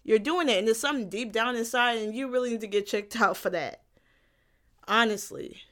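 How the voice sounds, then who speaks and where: A woman's voice: mid-range voice, clear, resonant tone. A young woman hosting a solo podcast, ranting bluntly with profanity, repeating her points and laughing at herself. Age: young adult. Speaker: podcast host. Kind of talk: casual solo podcast rant.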